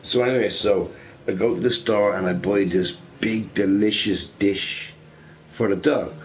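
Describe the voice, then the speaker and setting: A man's voice: on the low side, steady tone, a little slow. A man chatting casually while playing a game, rambling and laughing, with lots of "you know" and "right". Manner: rambling, laughing, fond of filler words. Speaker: gamer.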